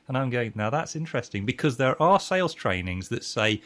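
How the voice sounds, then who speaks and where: A man's voice: mid-range voice, very animated, fairly quick, hardly any pauses, fairly bright tone. A man, a trainer and guest expert, explaining sales techniques in conversation and acting out examples with shifting tone and pace. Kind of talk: conversational teaching.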